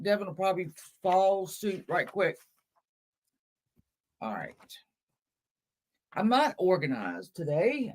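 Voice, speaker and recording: A woman hosting a casual livestream with a lively, swooping voice. She talks in a scattered, chatty way to her viewers. She curses often and mocks herself. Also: medium pitch. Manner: scattered, chatty, cursing, self-mocking. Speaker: livestream host.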